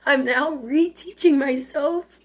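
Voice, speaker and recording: A woman in her forties talking to camera in a personal confessional monologue, emotional and tearful, halting and restarting often. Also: sits high. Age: 40s. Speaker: vlogger.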